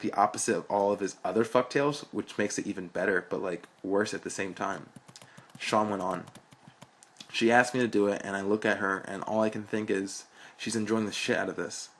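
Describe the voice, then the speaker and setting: A man's voice: lowish voice, fairly even intonation, fairly quick, fairly bright tone. A young man reading a story aloud in a frank, blunt, profane way. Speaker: narrator.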